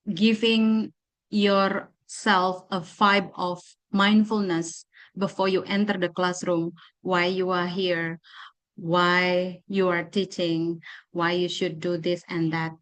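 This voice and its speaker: Very slow-speaking Indonesian woman guiding. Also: lowish voice. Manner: slow, repetitive guiding with many pauses and fillers. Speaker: teacher-training workshop presenter. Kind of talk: guided mindfulness workshop talk.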